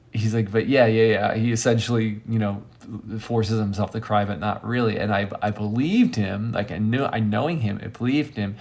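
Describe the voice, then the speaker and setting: A man telling a rambling personal story in a casual monologue, acting out quoted friends with sudden high squeaks and dropping to quiet near-whispers. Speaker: monologue host.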